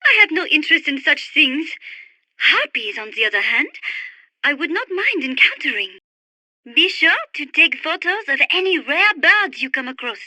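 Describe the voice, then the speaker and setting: An actress voicing a refined, dreamy young French woman birdwatcher in game radio calls, with a French accent and a breathy manner. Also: high-pitched, big pitch swings, moderate pace, bright, forceful tone, dry recording, exaggerated voice. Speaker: radio support character.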